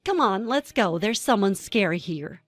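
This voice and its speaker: A woman's voice: mid-range voice, animated, normal speed, dry recording, soft background music, voice pushed up, lightly acted. A woman voicing a snide, bossy mom who mocks others in a sing-song tone. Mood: dismissive. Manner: mocking, smirking sing-song.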